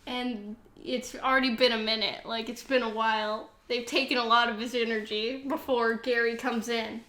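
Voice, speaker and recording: Bright, laughing woman podcast host. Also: on the high side, moderate pace, echoey room. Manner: laughing, profane, animated storytelling. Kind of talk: casual comedic retelling.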